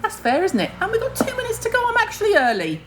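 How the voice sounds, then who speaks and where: A woman's voice: very high-pitched, huge pitch swings, fast talker, noisy background. A middle-aged woman, hosting a casual skincare livestream and chatting to viewers in a blunt, rambling way, with the odd casual swear.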